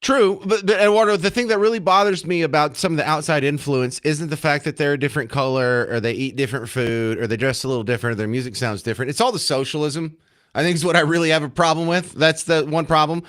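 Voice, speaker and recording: An older man hosting a call-in radio show in a studio, loud and animated, with big swings in pitch. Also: quick pace. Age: older, has granddaughters. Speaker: radio talk show host. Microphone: studio microphone.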